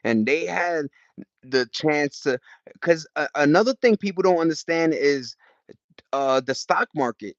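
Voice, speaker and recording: Outdoors, a man with a slightly high voice chats unhurriedly with his live-stream viewers, drifting from topic to topic in loose, slangy, profane talk and restarting often. The audio is dull, with no room sound.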